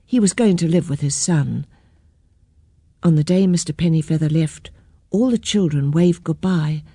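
A woman reading a children's picture book aloud in a gentle, clear storytelling manner. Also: low voice, normal speed, dry recording, clean studio sound.

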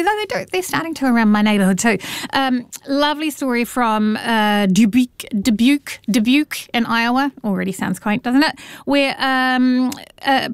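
A New Zealand woman chatting as a radio guest in a studio, wry and joking with quick asides. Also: on the high side, smooth, dry recording. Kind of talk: casual radio chat.

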